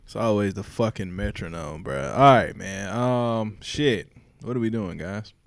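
A man's voice: on the low side, unhurried, vocal fry. A young man hosting a casual podcast, loose, joking and profane. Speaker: podcast host.

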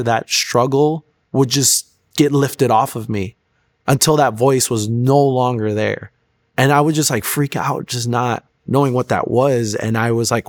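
A man's voice: medium pitch, fairly even intonation, measured pace, dry recording. Earnest young man sharing his testimony. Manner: earnest and reflective, with frequent restarts and "like" fillers. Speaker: testimony guest. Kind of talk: personal testimony interview.

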